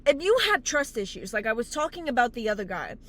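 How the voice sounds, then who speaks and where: A woman's voice: a little high, very animated, quick pace. A young woman with a slight lisp, ranting in a casual vlog, heated and exclamatory with plenty of swearing. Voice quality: slight lisp from dental aligners. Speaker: vlogger giving life advice.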